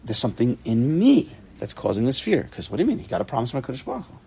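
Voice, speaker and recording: A man teaching an informal Torah study class, animated, repeating himself and restarting sentences, mixing in Hebrew and Yiddish terms. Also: mid-range voice, very fast, vocal fry. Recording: recorded in a study room for a tape.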